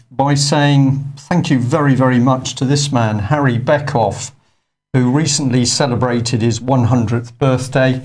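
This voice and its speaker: Male news presenter, mid-pitched, conversational, hesitant off-the-cuff delivery. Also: a little mellow. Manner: conversational, with frequent fillers and hesitations. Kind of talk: unscripted studio news commentary.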